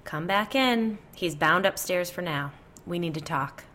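A woman voicing a blunt middle-aged female psychic who speaks gravely and firmly. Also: lowish voice, expressive, measured pace, sharp tone. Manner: blunt, commanding.

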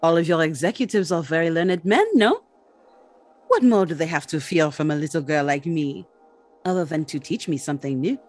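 A tabletop player voicing a charming young alien woman who flatters and schemes, over faint music. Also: mid-range voice, moderate pace, pitched above the performer's own voice, close to an everyday voice. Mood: flattering. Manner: sweet, flattering, performatively cute.

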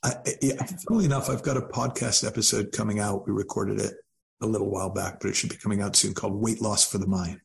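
A man speaking as a guest coach in an interview, calm and thoughtful with a gently wry turn. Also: lowish voice, quick pace, creaky, slight background noise. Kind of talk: reflective interview talk.

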